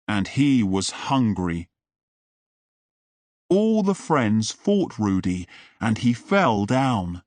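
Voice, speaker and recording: A man narrating a simple audiobook for English learners in a clear, deliberate and expressive way. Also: mid-range voice, no echo.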